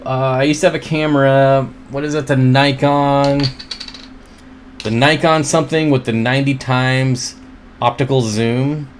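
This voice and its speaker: Rambling, chatty man hosting a livestream. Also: medium pitch. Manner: rambling and chatty, often laughs at his own jokes; reads viewer comments aloud and answers them. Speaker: livestream host. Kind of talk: casual livestream chat.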